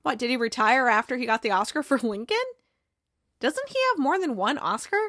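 A chatty woman talks through a TV episode scene by scene, slipping into the characters' lines as she goes. Her voice sits a little high, and it is recorded close and dry with no room sound. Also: big pitch swings, fairly quick, fairly bright tone, no room sound. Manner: chatty, acts out quotes, laughs, reads aloud. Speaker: podcast host recapping a TV episode. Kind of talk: casual recap, retelling scenes.

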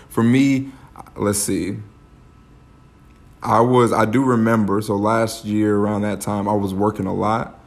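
A man hosting a solo podcast, reflecting aloud in a halting way, with many fillers and restarts. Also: lowish voice, darkish tone. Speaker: podcast host.

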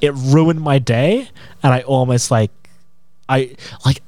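A young man chatting casually, animated as he tells a story and slips into voices for the people in it. His voice sits at an ordinary pitch and sounds dry and close. He rambles, with many restarts and fillers. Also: slow, dry recording. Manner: animated storyteller who acts out both sides of conversations. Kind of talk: casual chat.

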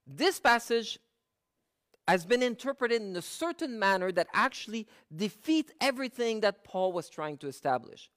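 A Bible teacher giving a verse-by-verse sermon, reading scripture slowly with stressed words and explaining through rhetorical questions. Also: medium pitch.

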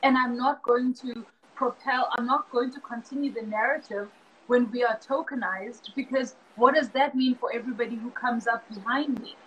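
A woman with a high voice hosts a casual conversation and speaks in an earnest, encouraging way. There is a faint ambient hum behind her. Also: moderate pace, dull audio. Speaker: podcast host.

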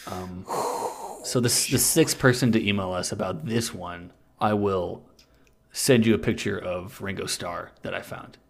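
A man's voice: deep voice, unhurried, creaky. A man hosting a comedy podcast, reading fan fiction aloud and breaking off with laughing asides. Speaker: podcast co-host.

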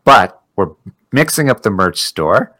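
A man's voice: lowish voice, very animated, a little slow, sharp tone, no echo. A man co-hosting a podcast, chatting casually and joking, laughing often. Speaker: podcast co-host. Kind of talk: casual chat.

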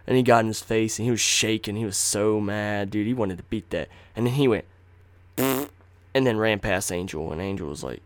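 A man's voice: lowish voice, fairly quick, no echo. A man telling a personal story in a casual, slangy, profane way, acting out what people said. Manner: profane, slangy, acts out quotes. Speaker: storyteller host.

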